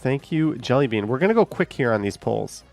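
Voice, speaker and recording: A man's voice: mid-range voice, sing-song, brisk, gravelly, soft background music. A man live streaming, chatting casually with viewers, rambling and swearing at voice assistants when annoyed.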